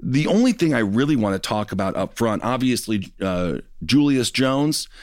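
A man hosting a podcast, talking in a loose, animated, joking way about news. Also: medium pitch, moderate pace, no echo, studio quality. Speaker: podcast host. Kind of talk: casual political chat.

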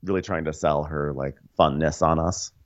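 A man co-hosting a comedy recap podcast in a very deep voice, rambling through scenes with many fillers and laughs. The recording sounds a bit dull and lo-fi. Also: steady tone, moderate pace. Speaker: podcast co-host.

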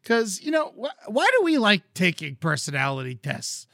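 A man's voice: high voice, wildly swooping pitch, normal speed, vocal fry, a bit bright, dry recording, studio quality. A man co-hosting a podcast, telling rambling stories in casual chat. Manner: rambling, meandering storyteller. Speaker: podcast co-host.

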